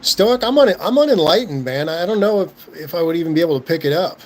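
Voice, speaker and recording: A young man with a Southern Californian accent, hosting a casual livestream and reading chat comments. He talks in a relaxed, stammering way and chuckles often. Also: fairly high pitch, fast. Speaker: livestream host.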